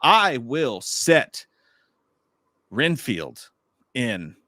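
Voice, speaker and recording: A man's voice: mid-range voice, big pitch swings, extremely slow, bright, forceful tone, dry recording. A man hosting a casual live stream, ranting animatedly and swearing freely with jokey asides. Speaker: host.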